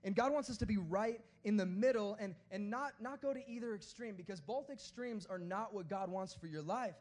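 A male preacher with a notably high, light voice delivers his sermon in a casual, animated way. He swings from playful asides to hushed, earnest pleas without ever turning formal. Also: fairly quick.

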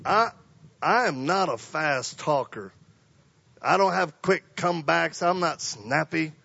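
Gravelly-voiced man preaching. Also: a little high, lively intonation, slow pace, muffled recording. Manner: storytelling, acts out voices, swings from quiet to loud. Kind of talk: sermon.

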